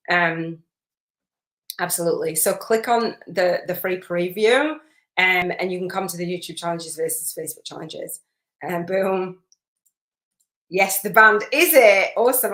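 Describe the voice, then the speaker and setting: A woman hosting a live spiritual business masterclass, chatty and effusive, rambling with fillers as she reads out viewer comments. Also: medium pitch. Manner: warm, effusive, rambling with many fillers and restarts. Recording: roomy echo.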